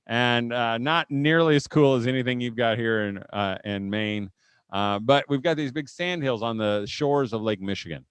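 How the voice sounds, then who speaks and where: A man's voice: mid-range voice, moderate pace, clean tone, dry recording. Folksy middle-aged man telling family stories. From Indiana, USA. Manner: folksy anecdotal storytelling, chuckles often, acts out family moments. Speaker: conference speaker. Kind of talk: humorous parenting talk to a live audience.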